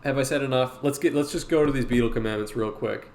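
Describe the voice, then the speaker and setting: A man's voice: medium pitch, fast, a little mellow, slight background noise. A man hosting a live drawing class on his stream, rambling, swearing casually and encouraging his viewers.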